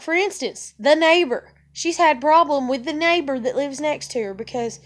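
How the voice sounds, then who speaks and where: Ranting high-voiced woman in her thirties. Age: 30s. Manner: exasperated, ranting, rhetorical questions. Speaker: vlogger. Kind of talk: venting monologue.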